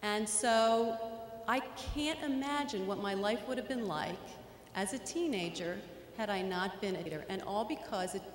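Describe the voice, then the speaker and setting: A middle-aged woman telling a personal story in an earnest speech, with small stammers, in a large hall. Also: mid-range voice. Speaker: hall of fame inductee giving a speech. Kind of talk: acceptance speech. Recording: echoey hall, long reverb, faint noise.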